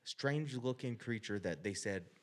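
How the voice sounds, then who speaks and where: A man's voice: fairly low pitch, expressive, unhurried. A man co-hosting a podcast, making playful, silly claims in casual chat. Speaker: podcast co-host.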